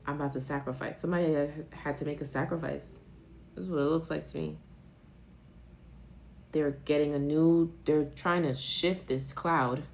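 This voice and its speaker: A woman's voice: sits low, fairly even intonation, normal speed, vocal fry, a little mellow, a little hiss or hum. A woman giving a live-stream tarot reading, talking emotionally and rambling, with casual swearing. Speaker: tarot reader.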